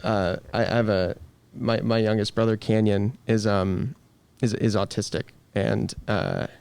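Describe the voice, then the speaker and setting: A man's voice: fairly low pitch, steady tone, a little slow, creaky, a little mellow, smooth, dry recording. A man, a guest on a podcast, telling a story in a casual, joking, self-deprecating way.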